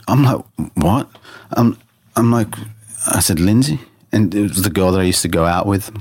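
A man's voice: on the low side, a little slow, no echo, clean studio sound. A man telling a personal story in an interview, earnestly, with many restarts, acting out his own thoughts in quoted lines. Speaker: interview guest. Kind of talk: personal testimony in conversation.

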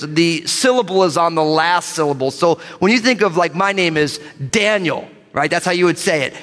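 A male pastor delivers a sermon to his church, lively and playful and calling out for amens. His voice sits a little high. A long reverb from the large church hall trails behind his words. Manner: lively, joking, calls for amens. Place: church sanctuary with live congregation.

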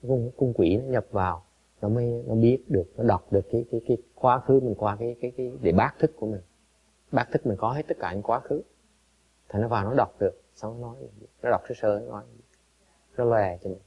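A man giving a Buddhist dharma talk, telling a story in a halting way with many repeated words and switches between two languages. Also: mid-range voice, breathy edge. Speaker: Buddhist teacher. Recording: dull lo-fi recording.

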